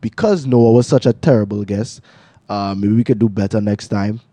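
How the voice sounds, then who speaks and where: A man's voice: lowish voice, moderate pace, warm tone, no echo. A man hosting a podcast, joking around in slangy casual chat and laughing often. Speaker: podcast host. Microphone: headphone headset.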